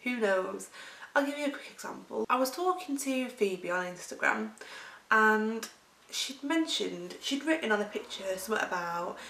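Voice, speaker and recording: A woman's voice: on the high side, lively intonation, moderate pace, vocal fry, a bit bright. A woman with a Lancashire accent, vlogging in a rambling, chatty way and laughing through her stories. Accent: Lancashire English. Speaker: weight-loss vlogger. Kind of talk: rambling casual storytelling. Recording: roomy sound, distant from mic.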